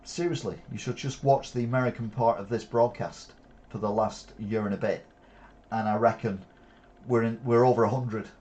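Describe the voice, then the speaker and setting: A man reads news headlines and adds sarcastic, opinionated comments, pausing often with "uh". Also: mid-range voice, steady tone, a little mellow. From England. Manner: sarcastic asides, frequent "uh" hesitations.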